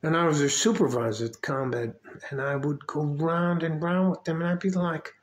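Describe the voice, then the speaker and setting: A man's voice: on the high side, fairly even intonation, normal speed, reverberant. An older man ranting about his past job, heated and upset, swearing and repeating himself as he gets worked up. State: getting upset. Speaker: video blogger. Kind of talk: angry personal rant.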